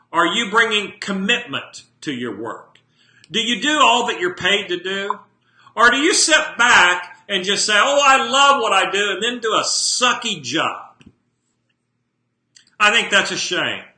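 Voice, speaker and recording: A man's voice: high voice, pushed and bright. Blunt, emphatic man in a roomy office. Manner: blunt, emphatic, questions the listener directly. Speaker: motivational speaker. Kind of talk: live video monologue to viewers. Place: his office at home.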